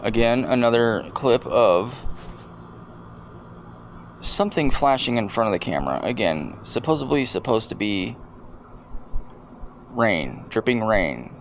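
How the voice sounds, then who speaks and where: A man hosting a video and commenting casually over clips in a deadpan, rambling, joking way. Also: fairly low pitch, unhurried, long pauses, a little hiss or hum. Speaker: video host.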